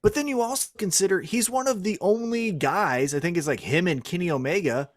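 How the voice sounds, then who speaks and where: A man co-hosting a wrestling podcast in casual chat, animated, with quick asides and some swearing. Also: high-pitched. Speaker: co-host.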